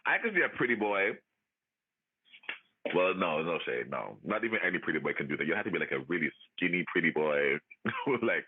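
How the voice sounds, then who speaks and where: A man hosting a livestream, chatting and ranting in a loud, profane, sassy way with frequent laughs. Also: deep voice, sing-song, fairly quick, husky. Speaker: livestream host. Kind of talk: casual chat, ranting. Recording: tinny phone-like audio.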